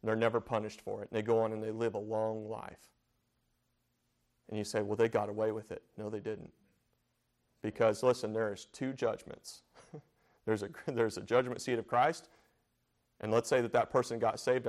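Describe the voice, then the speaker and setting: A man's voice: on the low side, darkish tone. A man leading a church Bible study in a plain, conversational way. He repeats phrases for emphasis and often turns questions back to the room.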